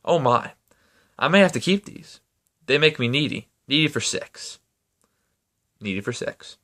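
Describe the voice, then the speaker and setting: Dude putting on a flustered young woman, high and breathy and fluttery. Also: lively intonation, normal speed, fairly bright tone.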